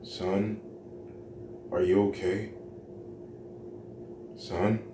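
A man reading the lines of a gentle, caring mother, speaking softly and reassuringly in his own voice. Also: sits low, level tone, very slow, distant mic. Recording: roomy home recording with noise.

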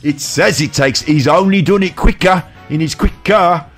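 A man with a broad West Midlands accent rambles through a comic retelling of a film, slipping into daft voices for the characters. His voice sits a little on the high side. Soft music plays faintly behind him. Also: moderate pace. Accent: West Midlands English. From England. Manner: rambling, jumps into silly quoted voices. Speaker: streamer.

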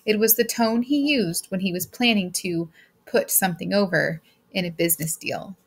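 A woman reading a short story aloud as a steady, plain narrator. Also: mid-range voice, moderate pace, gravelly, husky. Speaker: audiobook reader. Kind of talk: scripted narration.

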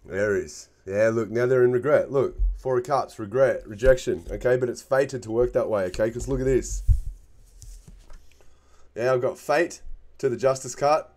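A man's voice: mid-range voice, normal speed, a little mellow. Emphatic man giving a tarot reading. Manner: emphatic, keeps checking in with "okay?" and "man". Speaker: tarot reader. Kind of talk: casual tarot card reading.

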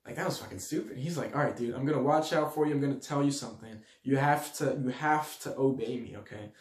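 A young man from Switzerland telling a story to his audience in a slangy, animated way, acting out the quotes loudly. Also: mid-range voice, quick pace. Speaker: vlogger. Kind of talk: storytelling to camera. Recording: echoey room.

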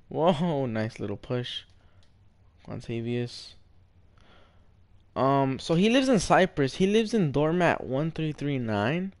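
A young man teasing a stranger over game voice chat, spinning mock-serious tall tales in a slow, unhurried delivery. He draws out names for comic effect and keeps a playful trolling tone. The sound is dry and close, with no room echo. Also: medium pitch, animated. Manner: playful trolling, mock-serious storytelling, drawn-out name calls. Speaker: gamer. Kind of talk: joking voice chat while playing a game.

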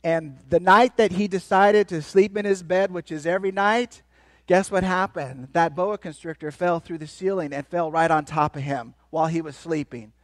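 A man giving a lively, playful sermon as a guest speaker, joking with the crowd and swinging between loud and soft. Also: high voice, normal speed, no echo. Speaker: guest speaker at a church kids' event. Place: church hall.

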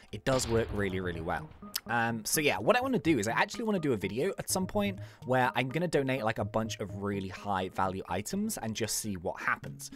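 A woman giving casual commentary while playing a video game, rambling with many ums and likes. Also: a bass voice. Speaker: gaming YouTuber.

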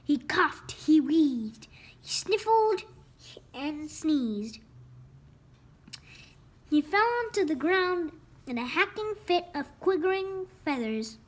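A woman reading a children's picture book aloud, expressive and slow. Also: high voice. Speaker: storyteller. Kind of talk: children's story read-aloud.

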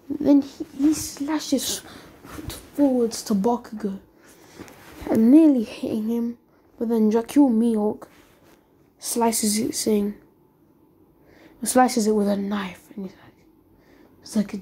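Rambling high-voiced girl retelling a story. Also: steady tone, takes it slowly, long pauses, mellow, a little hiss or hum. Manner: rambling, strings quotes with "he's like", often drops to a whisper. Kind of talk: casual fan-story retelling.

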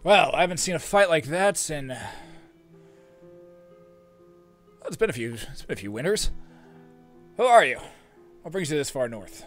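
A man voicing a gruff, proud chieftain of fur-clad northern hunters, giving booming commands in a tabletop game. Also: lively intonation, brisk, a bit bright, soft background music. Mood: curious.

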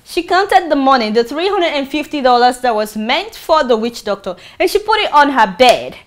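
A high-pitched woman hosts a comedic monologue. Her voice swings widely in pitch as she tells stories with sass and animation, acting out every quote. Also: normal speed. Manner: animated, sassy storytelling with laughs and acted-out quotes. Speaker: host.

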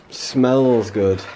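Slow, chatty middle-aged hiker man. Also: medium pitch, mellow, a little hiss or hum. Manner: chatty, jokey, laughs often. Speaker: solo hiker vlogging. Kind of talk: casual talk to camera. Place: outdoors on a hiking trail, later inside a bothy.

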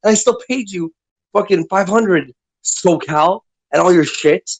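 Annoyed guy on a stream argument, cursing, defensive, kinda high voice. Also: measured pace, gravelly. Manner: defensive, irritated, swearing.

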